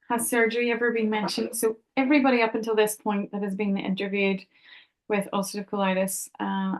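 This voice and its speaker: A woman hosting a podcast, asking her guest questions in a casual, conversational way with small fillers. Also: mid-range voice. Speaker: podcast host. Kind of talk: casual interview.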